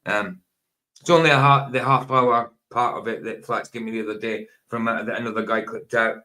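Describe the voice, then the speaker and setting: A man hosting a casual livestream chat, talking in a halting way with many pauses, fillers and self-corrections. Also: medium pitch, steady tone, sharp tone. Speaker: livestream host.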